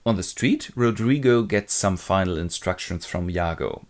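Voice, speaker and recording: A man narrating a comic retelling of a play in a wry, chatty way. His pitch moves a great deal, which keeps the storytelling animated. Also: normal speed, few pauses. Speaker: narrator and presenter.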